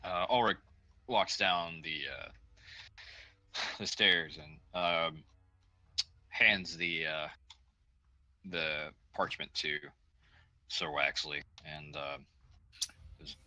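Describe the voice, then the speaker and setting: A man's voice: low voice, very slow, pauses often, bright, forceful tone, dry recording. A man playing a servant in a tabletop game, narrating his actions hesitantly. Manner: hesitant, lots of fillers. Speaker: player. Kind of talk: in-character role-play.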